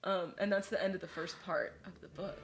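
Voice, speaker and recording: A young woman co-hosting a podcast, casually retelling a story in a rambling way, full of filler words and quick laughs. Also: lowish voice, steady tone, a little hiss or hum. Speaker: podcast co-host.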